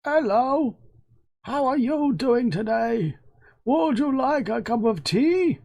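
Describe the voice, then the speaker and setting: A man putting on a chirpy high-voiced villager. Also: lively intonation, slow pace, vocal fry, a little mellow, exaggerated voice. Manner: sing-song, overly polite. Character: cheery polite male farm villager NPC.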